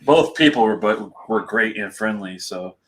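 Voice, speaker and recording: A man's voice: fairly low pitch, normal speed, a little hiss or hum, poor audio. A man co-hosting a casual whisky chat, easygoing and conversational. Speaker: whisky podcast co-host.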